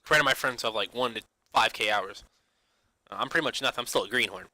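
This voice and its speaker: A man's voice: mid-range voice, quick pace, sharp tone, no echo, rough recording. A young man ranting casually about games, padding nearly every phrase with "you know", restarting often and swearing now and then. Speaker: gaming vlogger. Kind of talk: rambling casual rant.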